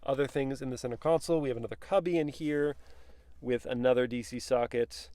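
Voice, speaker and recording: Gravelly, playful man reviewing a car. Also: mid-range voice, a little fast, darkish tone. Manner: playful, chatty, jokes to himself. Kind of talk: casual walkaround review. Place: back seat of a car.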